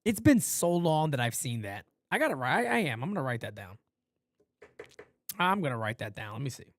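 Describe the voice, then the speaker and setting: A man calling a baseball game live for fans from his home studio, shouting on big plays and muttering low asides between pitches. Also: very animated, moderate pace, a little hiss or hum. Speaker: play-by-play streamer. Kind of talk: live fan play-by-play commentary.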